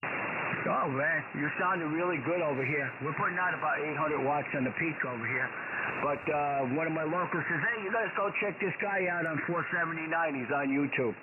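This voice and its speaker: A man's voice: fairly high pitch, a little fast. A talkative, friendly man with a Brooklyn accent calling in over the radio. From Brooklyn, New York. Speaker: radio caller. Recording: tinny shortwave radio with loud static.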